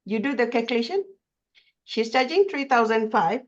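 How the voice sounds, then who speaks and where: A woman's voice: a little high, moderate pace, lo-fi sound. A woman trainer with a Malaysian English accent, telling stories emphatically in a casual podcast chat. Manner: animated, emphatic storyteller. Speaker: corporate trainer, podcast guest.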